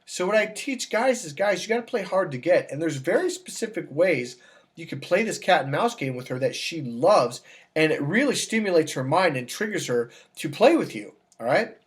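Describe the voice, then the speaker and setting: A man working as a dating coach, talking casually to camera and telling stories with acted-out dialogue. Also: normal speed. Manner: animated storytelling, acts out dialogue with raised pitch.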